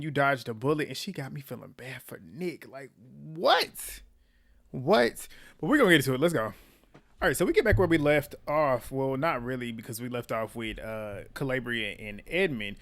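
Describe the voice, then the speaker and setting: A young man giving a casual, animated recap of a reality show, slangy with laughing asides. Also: mid-range voice.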